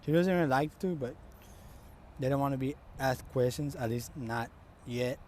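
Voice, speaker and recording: Brief: casual young male storyteller, mellow voice, rambling slangy improvising. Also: mid-range voice, moderate pace, a little hiss or hum. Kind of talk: improvised fan story narration.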